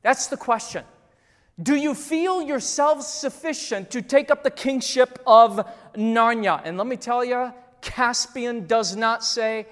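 Animated preacher in a reverberant hall. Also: mid-range voice, measured pace. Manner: animated, repeating phrases, surging and dropping volume. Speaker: pastor. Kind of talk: sermon. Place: church hall.

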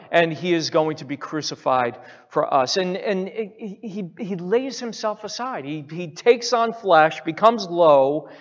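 A man preaching a sermon as pastor, emphatic, repeating key phrases again and again. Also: high voice. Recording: reverberant hall, dull lo-fi sound.

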